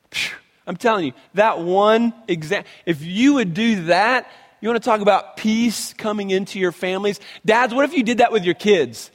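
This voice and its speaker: Male pastor, animated conversational sermon, higher voice, reverberant hall. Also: normal speed. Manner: animated, conversational preaching with many restarts.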